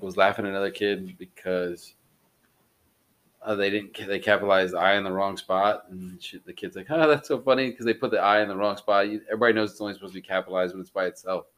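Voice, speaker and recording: A man's voice: sits low, little pitch movement, fast, fairly bright tone. A man who works in schools, chatting loosely on a podcast, with lots of fillers and wry asides. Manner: rambling, filler-heavy, wry. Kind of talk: casual chat.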